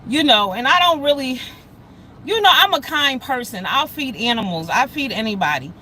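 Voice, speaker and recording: A woman's voice: high voice, animated, moderate pace, pushed and bright, a little hiss or hum, low-quality recording. A middle-aged woman hosting a casual livestream, talking bluntly and with heavy profanity and greeting viewers by name as they join. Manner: blunt, profane, heated storytelling. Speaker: livestream host.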